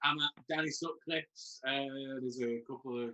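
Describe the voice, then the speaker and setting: A man appearing as a comedian guest on a video call, speaking haltingly with lots of fillers. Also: medium pitch, steady tone, bright, forceful tone, reverberant, low-quality recording. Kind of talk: casual comedic chat.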